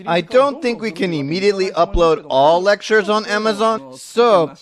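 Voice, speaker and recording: Male lecturer, high-pitched voice, chatty tone, quizzes his viewers. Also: lively intonation, moderate pace, fairly bright tone. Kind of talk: dubbed online lecture.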